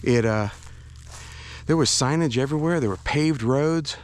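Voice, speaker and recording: Breathless on a forest hike, this man records a casual walk-and-talk vlog, wandering in his speech and hesitating, with plenty of fillers and restarts. He speaks at normal speed and medium pitch.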